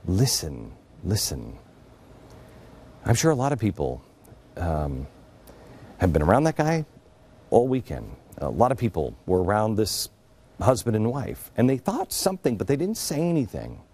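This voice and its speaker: A middle-aged man hosting a talk show, telling a personal story in an earnest, confiding monologue that drops to a hush at times. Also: on the low side, huge pitch swings, normal speed, breathy edge. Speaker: radio and TV show host.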